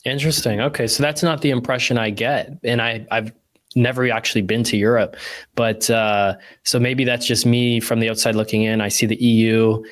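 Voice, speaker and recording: A man's voice: mid-range voice, fairly even intonation, normal speed. A man from Canada with a Southern Ontario accent, hosting a podcast interview in an enthusiastic, chatty way. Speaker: podcast host. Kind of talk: casual interview chat.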